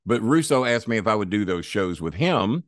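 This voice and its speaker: A man's voice: lowish voice, sing-song, normal speed, dry recording. An older man, a podcast guest, telling stories in a blunt, profane, plain-spoken way. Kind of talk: casual storytelling.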